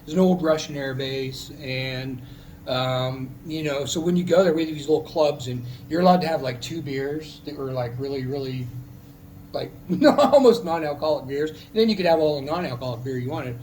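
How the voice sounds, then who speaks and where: A man's voice: on the high side, moderate pace, a little mellow, rough recording. A man, a military veteran, telling a personal story in a casual, heartfelt, rambling way, with many restarts.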